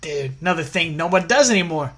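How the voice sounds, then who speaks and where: A man's voice: on the high side, expressive, fast talker, fairly bright tone. A man co-hosting a podcast in casual chat, laid-back and chuckling often as he runs through details of what is on screen. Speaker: podcast co-host. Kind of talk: casual watch-along chat.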